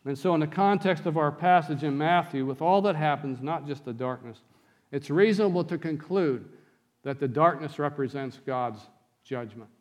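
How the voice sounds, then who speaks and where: A man's voice: a little high, moderate pace. Man preaching a teaching sermon. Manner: teaching, reading scripture aloud. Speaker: pastor.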